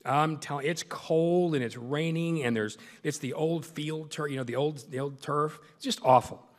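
A man's voice: on the high side, normal speed, in a large hall. A man giving a humorous storytelling speech as a guest speaker, full of self-deprecating jokes. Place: large meeting hall.

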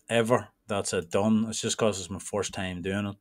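A man's voice: on the low side, steady tone, moderate pace, hardly any pauses, no room sound, clean studio sound. A man with an Irish accent, a trading mentor who walks new members through his group in a rambling, informal way. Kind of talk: casual screen-share walkthrough.

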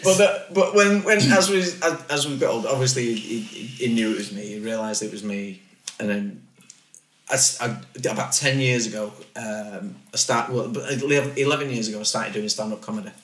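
A man who does stand-up comedy, telling a story as a podcast guest in an animated way and laughing often. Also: on the low side, fairly quick, slight background noise. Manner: animated, laughs often, slips into quoted voices. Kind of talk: casual storytelling. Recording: echoey room.

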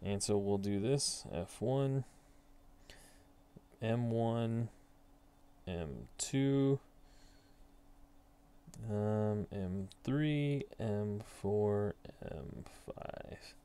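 A man's voice: fairly low pitch, drawn-out words, pauses often, mellow, clear, resonant tone. A young man casually talking through his tabletop soccer simulation, thinking aloud as he reads off dice results. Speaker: tabletop soccer sim host. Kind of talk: casual solo commentary.

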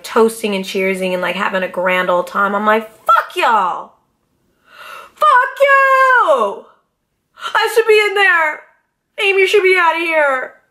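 Young woman, podcast host, casual storytelling, profane, animated, dramatic. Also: mid-range voice.

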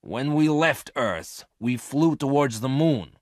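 A man voicing a scheming male space thief who speaks sharply and forcefully, in a dry, close recording. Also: medium pitch, expressive, slow, no echo, pitched above the performer's own voice. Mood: commanding.

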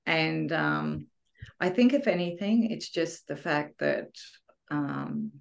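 A woman giving a heartfelt, emotional testimonial about a retreat, often pausing to search for words. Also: low-pitched, lively intonation, creaky. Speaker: retreat guest.

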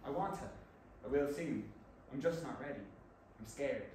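A man with an Irish accent voicing a shy, closeted young man, quiet and hesitant. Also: medium pitch, normal speed, voice pushed down, natural voice. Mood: guarded. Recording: echoey stage recording from far off, noisy.

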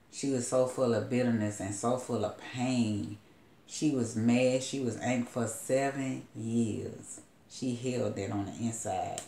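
Woman preacher with a gravelly, creaky voice, rambling storyteller, roomy echo. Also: extremely low pitch, mellow, a little hiss or hum. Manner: loose rambling storytelling with asides. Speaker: prophetess. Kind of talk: retelling a story as a sermon.

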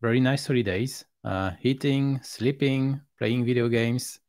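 A man's voice: medium pitch, measured pace, darkish tone, dry recording. A man from France with a French accent, a guest explaining his work over a video call, careful and hesitant with frequent fillers. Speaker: guest, API expert. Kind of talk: casual interview.

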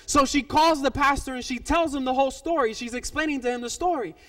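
A male pastor telling a story in a sermon, animated, with his loudness rising and falling. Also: extremely high pitch, fast talker, far from the mic.

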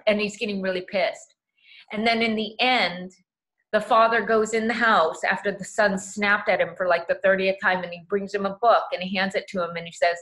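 A woman's voice: mid-range voice, fairly even intonation, normal speed, a bit bright, low-quality recording. A woman in her fifties, talking candidly and bluntly, swearing freely and acting out what people said. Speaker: host sharing caregiving advice. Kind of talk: heartfelt casual conversation.

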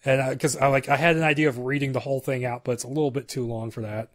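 A man's voice: mid-range voice, fairly even intonation, very fast, dry recording. A man co-hosts a podcast, chatting and then reading a screenplay's narration aloud, stumbling now and then and breaking off for asides. His voice sits in the middle range and sounds dry, with no room around it. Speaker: podcast co-host. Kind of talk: casual chat and script read-aloud.

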